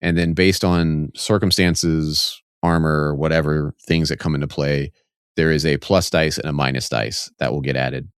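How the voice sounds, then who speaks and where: A deep, smooth-voiced man co-hosts a casual podcast. He explains game rules step by step with real enthusiasm. The sound is dry and close. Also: little pitch movement, normal speed, dry recording. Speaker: podcast co-host.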